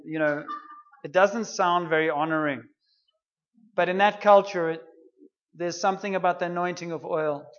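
A man's voice: on the high side, highs cut off. A man preaching a sermon, retelling a story in an earnest, conversational way.

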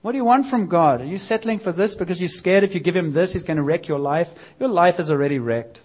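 A man with a high voice preaches to a congregation in a bold, conversational way and slips into lively quoted voices. The sound is dull and a little lo-fi. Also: fast talker, slightly rough. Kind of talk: sermon. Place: church service.

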